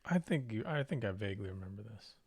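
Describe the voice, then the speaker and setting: A man's voice: on the low side, expressive, fast talker, slightly rough, dry recording, studio quality. A man co-hosting a live painting stream, chatting casually in a laid-back way and laughing easily. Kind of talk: casual chat.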